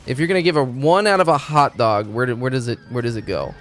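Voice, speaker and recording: Quick and fairly bright, a medium-pitched male voice carries this casual live-stream chat over soft background music. The game streamer rambles, swears, trips over his words and restarts sentences.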